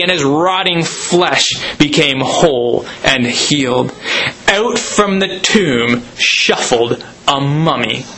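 A man preaching a sermon, dramatic, slowing down for emphasis. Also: on the high side, fairly bright tone, low-quality recording. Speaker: pastor.

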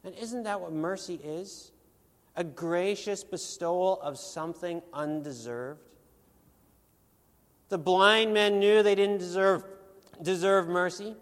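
Slow and deliberate, a high-voiced preacher with a bit of brightness gives his sermon. Earnest and emphatic, he pushes his points with sharp rhetorical questions as his words ring through a large, echoing hall.

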